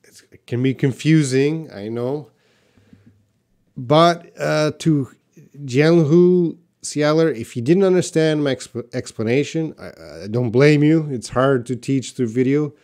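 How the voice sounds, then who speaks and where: A man's voice: a little high, darkish tone. A man teaching English in a live online question-and-answer class, patiently reading out viewers' questions and answering them. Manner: slow, patient, reads viewer questions aloud.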